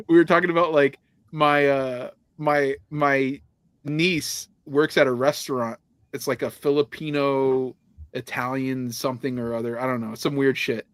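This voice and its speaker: A man's voice: medium pitch, steady tone, a little slow, a bit bright, dry recording, clean studio sound. A man hosting a podcast, telling rambling stories in casual chat, laughing often and swearing freely. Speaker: podcast host.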